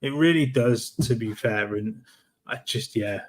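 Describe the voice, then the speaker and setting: Male podcast co-host, mid-pitched, chatty and incredulous in casual football talk. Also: unhurried. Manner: chatty, incredulous, animated storytelling. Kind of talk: casual chat.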